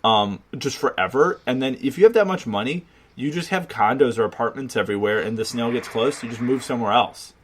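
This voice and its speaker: A man's voice: mid-range voice, a little fast, hardly any pauses, a little hiss or hum. A man co-hosting a podcast in casual chat, rambling and leaning heavily on filler words. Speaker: podcast co-host.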